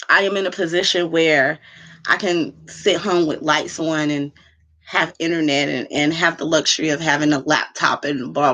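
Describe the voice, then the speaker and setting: In a lowish, slightly bright voice, a woman vlogger chats to her audience from inside her home. The monologue is casual, long, candid, rambling, and heartfelt.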